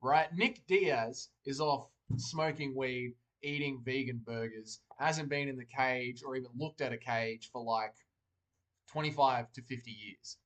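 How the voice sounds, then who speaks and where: A man's voice: mid-range voice, unhurried, fairly bright tone. A man hosting a casual livestream, joking and rambling while reading chat aloud from a desk mic. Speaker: livestream host.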